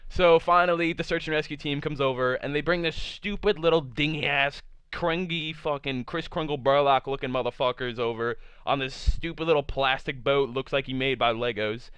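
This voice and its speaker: Smooth-voiced young man rambling through a story. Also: mid-range voice, normal speed, few pauses, a bit bright, no room sound. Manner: rambling, full of "like" fillers, profane. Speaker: vlogger. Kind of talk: casual storytime. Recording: dull lo-fi sound.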